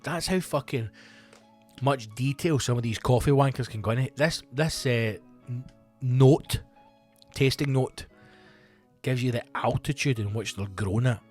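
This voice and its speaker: A Scottish comedian talks through a loose, profane solo podcast monologue, wandering off on asides and filling gaps with ums. His voice sits in an ordinary middle pitch. Faint music runs quietly under the talk. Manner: chatty and profane, rambling with fillers and asides.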